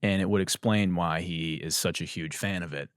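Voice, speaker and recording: A man's voice: low voice, steady tone, normal speed, clear, resonant tone, no echo, studio quality. A man hosting a comedy podcast, delivering a mocking satirical monologue. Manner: ranting, mocking, shouts and laughs.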